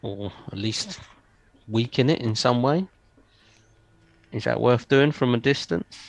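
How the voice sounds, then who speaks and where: A man's voice: mid-range voice, measured pace, dry recording, highs cut off. A man playing a tabletop game, thinking aloud and asking tentative tactical questions. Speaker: player. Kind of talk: casual tabletop game chat.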